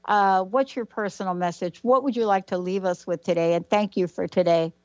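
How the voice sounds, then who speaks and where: A woman's voice: medium pitch, fairly even intonation, a little fast, a little mellow, highs cut off. A woman hosting a radio interview, mostly giving short affirmations and praising her guest before wrapping up. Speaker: radio show host.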